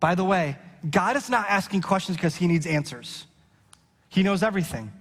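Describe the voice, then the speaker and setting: A man's voice: high voice, lively intonation, normal speed, big-room sound. A man preaching a sermon as pastor, reading scripture and repeating key lines with rising emphasis. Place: church hall.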